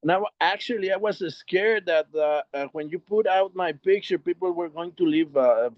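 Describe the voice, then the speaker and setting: A man from Mexico speaking English with a Mexican Spanish accent as a guest on a video call. He is a native Spanish speaker and talks haltingly, repeating words. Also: sits high, no echo. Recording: dry, dull video call audio.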